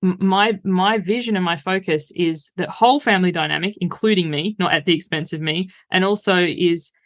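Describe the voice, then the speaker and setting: A woman's voice: fairly low pitch, fairly quick. Straight-talking woman coach. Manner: straight-talking, laughs while telling stories. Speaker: guest, author and coach. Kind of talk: casual conversational interview.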